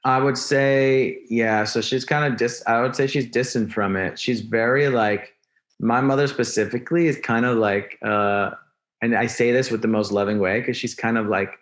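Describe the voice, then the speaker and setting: A man guesting on an interview show, chatting casually and rambling through his answers with loose, unhurried phrasing. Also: mid-range voice, fairly even intonation. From New Jersey. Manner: rambling, many fillers and restarts, laid-back. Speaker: guest, rapper.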